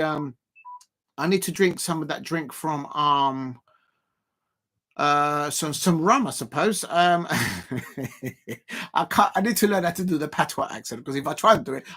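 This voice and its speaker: With a fairly high voice, this South London streamer gets hyped up while watching football live with his audience. His casual rant wanders, stuffed with ums, and he keeps repeating lines.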